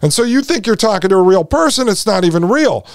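A man's voice: sits high, very animated, quick pace, no echo. Emphatic male podcast host, dry sound. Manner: emphatic, conversational, addresses listeners directly. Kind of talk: monologue explaining technology.

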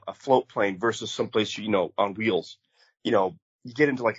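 A middle-aged man co-hosting a podcast, telling flying stories in a relaxed, rambling way with many fillers. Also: on the low side, slightly rough, no room sound. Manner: rambling, many fillers, laid-back storytelling. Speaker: podcast co-host, bush pilot. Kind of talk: casual podcast chat. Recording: dry, slightly dull podcast mic.

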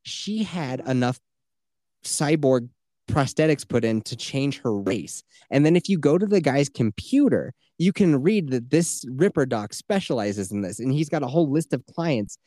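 A man's voice: medium pitch, animated, moderate pace, dark tone, no room sound, studio quality. Rambling, profane podcast host guy. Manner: rambling and profane, full of "like" fillers. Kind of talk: casual chat.

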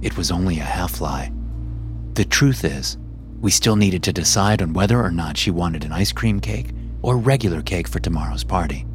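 A man narrating a suspenseful first-person story in a measured way. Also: sits low, lively intonation, faint music behind.

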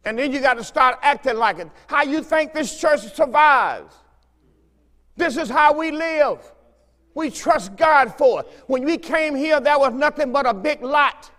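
Fervent high-voiced preacher in a hall. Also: male voice, unhurried, fairly bright tone. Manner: fervent preaching, repeats phrases, exhorts listeners. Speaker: pastor. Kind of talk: sermon. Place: church sanctuary.

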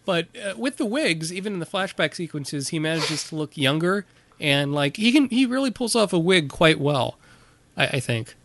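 Higher-voiced man recapping a film. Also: expressive, vocal fry, a bit bright. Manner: halting, filler-heavy plot recapping. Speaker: podcast co-host. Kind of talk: casual movie review chat.

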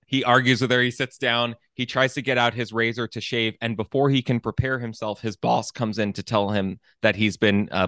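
A man with a low voice hosts a film discussion, speaking in a measured, thoughtful way. His voice is recorded dry and close. He weighs his points as he talks. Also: fairly bright tone, no echo. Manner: thoughtful, measured, with fillers and restarts. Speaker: co-host of a film podcast. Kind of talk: casual conversation.

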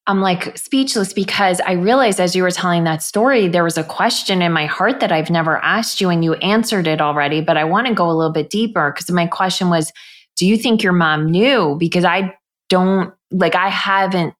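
A woman hosting a podcast, asking gentle, reflective questions in conversation. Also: lowish voice, normal speed. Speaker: podcast host. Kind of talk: conversational interview.

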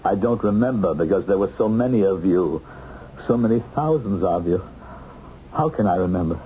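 A fugitive who has been found out and speaks quietly and calmly. His voice is low and dark. The old television soundtrack is dull and faintly hissy. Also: moderate pace. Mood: resigned. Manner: quiet, composed. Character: unmasked male fugitive, calm and resigned.

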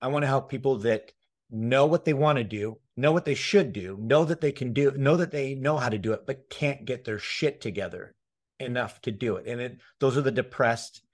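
A man talking on a casual podcast, his voice sitting at a middle pitch. He gets fired up easily, swears freely and keeps restarting his sentences between bursts of laughter. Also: moderate pace. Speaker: podcast host.

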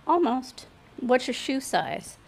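A woman's voice: high voice, very animated, takes it slowly, gravelly, a little mellow, voice pushed up, heavily acted. A woman playing a taunting, bossy bartender. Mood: commanding. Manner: taunting, commanding.

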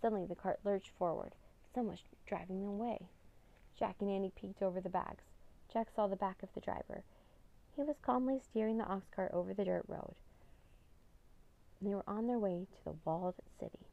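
A woman narrating an audiobook in a calm, steady storytelling manner. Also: medium pitch, brisk, creaky, muffled recording.

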